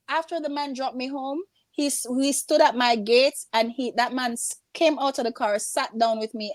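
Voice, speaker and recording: Lively Jamaican woman telling stories. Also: high-pitched, slight background noise. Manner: animated storyteller, acts out voices in quotes. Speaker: guest entrepreneur. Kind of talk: casual storytelling interview.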